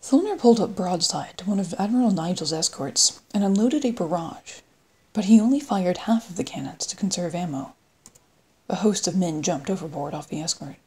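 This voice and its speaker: A woman reading an audiobook in steady scripted narration. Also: on the low side, normal speed, husky. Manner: steady storytelling read.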